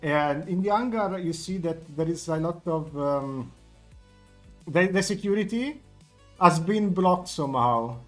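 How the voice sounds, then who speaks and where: A man's voice: a little high, lively intonation, a little slow, soft background music. A man narrating a tabletop game as game master, hesitant and full of fillers.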